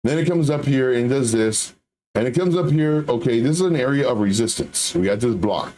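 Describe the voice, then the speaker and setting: A man's voice: mid-range voice, fairly quick. Chatty man explaining trading. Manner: conversational, repetitive, lively acted-out quotes. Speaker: trading channel host. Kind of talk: casual live market talk.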